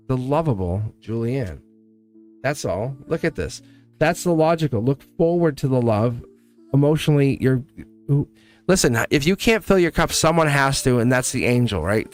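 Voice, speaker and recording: A man doing a live tarot reading, talking straight to the viewer with warm encouragement and lots of repetition. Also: mid-range voice. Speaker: tarot reader.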